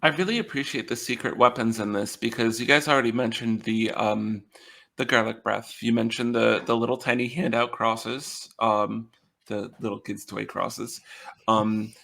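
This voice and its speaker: A man with a gravelly, fry-touched voice chats casually as a podcast co-host. He talks haltingly, filling gaps with ums and uhs, and keeps his humor dry and wry. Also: lowish voice, steady tone, bright, forceful tone. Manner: hesitant, full of ums and uhs.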